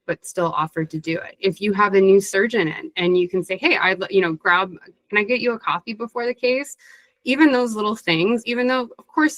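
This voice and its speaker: A woman giving a career advice webinar over a video call, chatty and animated, acting out little quoted conversations. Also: fairly low pitch, dry recording, rough recording. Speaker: webinar presenter.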